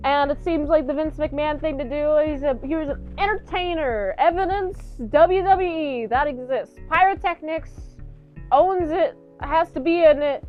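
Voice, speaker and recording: High-voiced, jokey woman movie reviewer. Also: moderate pace, phone-quality sound, soft background music. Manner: energetic, jokey, animated.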